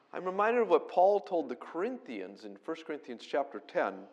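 A man preaching a conversational sermon, explaining scripture verse by verse and rising to loud, emphatic peaks when he quotes it. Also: medium pitch. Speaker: pastor.

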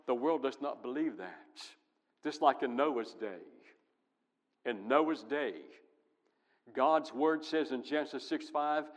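A man preaching a sermon with emphatic delivery that swings between loud passages and hushed ones. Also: mid-range voice. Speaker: pastor. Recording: long reverb in a large hall.

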